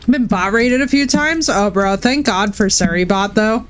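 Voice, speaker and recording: A woman's voice: mid-range voice, normal speed, clear, resonant tone. A woman streamer chatting casually with her viewers while she plays, candid and swearing freely, calling people bro and dude. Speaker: Twitch streamer. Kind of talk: casual live-stream chat while gaming.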